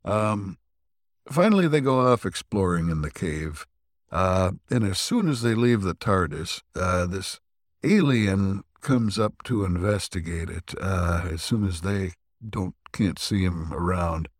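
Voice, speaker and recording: A man co-hosting a podcast, casually retelling an old episode with many ums and throat clears. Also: deep voice, animated, unhurried, no echo, clean studio sound. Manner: rambling, filler-heavy retelling with frequent throat clearing. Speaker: podcast co-host. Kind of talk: casual recap discussion.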